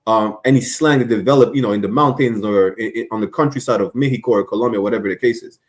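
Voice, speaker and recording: A man's voice: lowish voice, fast. A man speaking on an online stream discussion, earnest and rambling, with many restarts.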